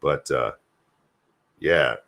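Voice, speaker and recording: Speaking very slowly in a creaky bass voice with a fairly bright tone, an older man from the United States hosts a solo live stream. The grandfather reads viewer messages aloud, chats casually, and curses freely while rambling.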